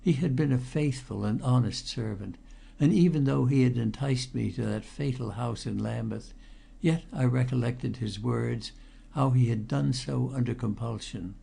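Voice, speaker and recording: Gravelly male audiobook narrator. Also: medium pitch, mellow. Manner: measured, grave storytelling. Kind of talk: scripted first-person narration.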